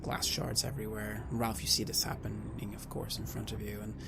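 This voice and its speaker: Gravelly man narrating a game. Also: on the low side, monotone, background noise. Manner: measured, describing scenes to players. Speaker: game master. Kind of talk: narrating a tabletop horror game.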